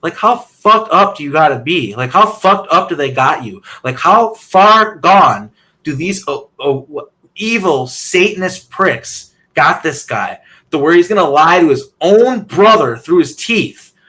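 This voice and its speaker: A man's voice: on the high side, expressive, unhurried, sharp tone. A man, a guest on a talk show, ranting angrily in a rambling way, swearing and filling his talk with "like". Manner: agitated, profane, repeats "like". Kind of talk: rambling personal rant.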